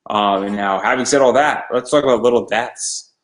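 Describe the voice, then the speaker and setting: A man's voice: medium pitch, normal speed, crowd noise, low-quality recording. A man hosting a casual interview, talking in a rambling, hesitant way with many restarts. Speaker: podcast host.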